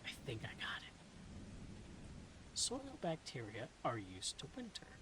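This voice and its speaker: A woman reading a novel aloud in a soft-spoken ASMR style, slipping into whispers now and then, with dry, deadpan humor. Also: a bass voice, unhurried, background noise. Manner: soft, dips into whispers at times.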